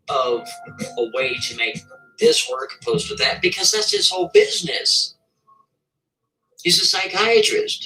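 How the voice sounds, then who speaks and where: A man telling a long anecdote in a loose, conversational way, his pitch leaping up and down all the time. His voice is bright and sharp, and he keeps pulling the listener in with asides. Soft music plays faintly underneath. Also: gravelly, poor audio. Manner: animated, keeps asking the listener "right?". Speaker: storyteller. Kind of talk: casual spoken storytelling.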